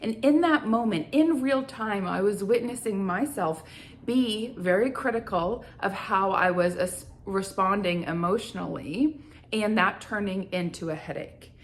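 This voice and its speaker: A young adult woman hosting her own show, telling a personal story in an earnest, reflective way. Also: medium pitch. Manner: earnest, reflective, slows down on feelings. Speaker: host.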